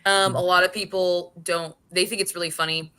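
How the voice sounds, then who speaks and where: Bright-toned blunt woman from California. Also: lowish voice, flat delivery, brisk, clear, resonant tone. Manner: blunt, casual, swears. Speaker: book club co-host. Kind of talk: casual chat.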